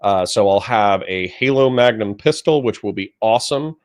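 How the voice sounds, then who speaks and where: On a casual livestream, the male host rambles and jokes at his own expense while yawning off his sleepiness. His voice is on the low side and expressive, moving at a moderate pace.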